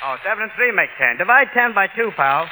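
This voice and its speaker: A man's voice: high-pitched, big pitch swings, a little fast, sharp tone. A man from New York coaxing and commanding his performing dog on stage. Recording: echoey hall with faint hiss.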